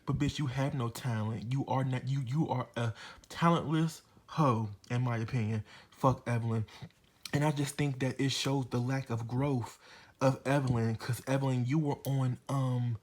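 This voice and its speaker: A man's voice: medium pitch, steady tone, moderate pace, darkish tone. A man giving a casual recap of a reality TV episode, blunt and profane, with a gossipy, opinionated way of talking. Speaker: reality TV reviewer.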